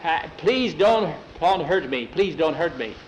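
A man's voice: a little high, expressive, moderate pace, slight background noise, voice pushed up, close to an everyday voice, low-quality recording. A man voicing a frail, frightened old hermit who stammers and pleads. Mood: pleading.

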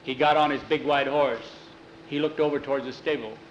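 A man telling a story aloud in plain, unhurried narration, with a roomy echo. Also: medium pitch, steady tone, dull audio, a little hiss or hum. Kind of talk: oral storytelling. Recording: roomy echo, faint ambience.

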